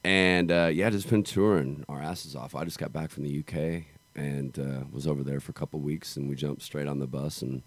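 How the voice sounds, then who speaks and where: Deep-voiced laid-back man, dry mic. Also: fairly even intonation, normal speed, few pauses, no echo. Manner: laid-back, profane, laughs easily. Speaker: touring country musician guest. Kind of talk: casual podcast chat.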